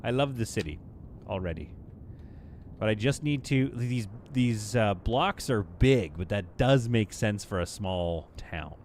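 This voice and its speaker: A man's voice: fairly low pitch, animated, measured pace, a little mellow, a little hiss or hum. A man streaming live gameplay, chatting casually to his viewers and to the game as he builds. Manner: chatty, talks to the game and to chat, playful asides.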